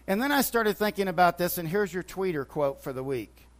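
A man's voice: high voice, animated, a little fast. A man teaching from the Bible, retelling scripture stories with quoted dialogue and frequent restarts. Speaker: preacher.

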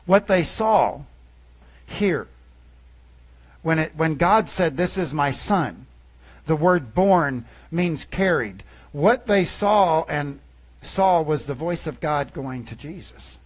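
Male pastor, sermon delivery, unhurried and emphatic, quotes scripture, drifts off mic at times. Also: fairly high pitch, animated, breathy edge, rough recording. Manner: emphatic preaching with quoted scripture, swinging between loud and hushed.

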